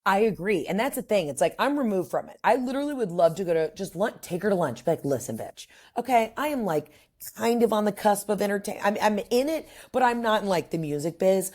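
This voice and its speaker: A woman's voice: medium pitch, animated, fast talker, a little mellow. A woman comedian as a podcast guest, talking in a brash, crude, storytelling way. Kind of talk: casual chat.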